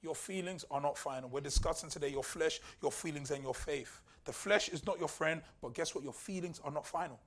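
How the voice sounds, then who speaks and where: A man's voice: on the high side, brisk, hardly any pauses, a bit bright. A male pastor preaching a sermon in a conversational, humorous way, repeating key lines for emphasis.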